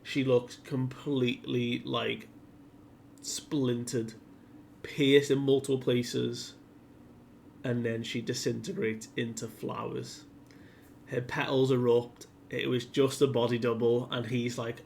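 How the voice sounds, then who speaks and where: A man recapping a manga chapter in a casual, animated way, with many filler "like"s. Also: medium pitch, slow, gravelly, a little hiss or hum. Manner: animated retelling full of filler "like".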